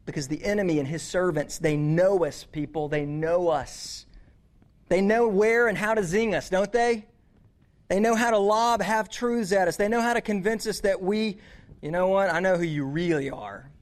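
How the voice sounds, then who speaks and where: High-voiced youth preacher. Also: male voice, moderate pace. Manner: conversational, earnest, repeats words. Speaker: youth pastor. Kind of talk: sermon to teenagers.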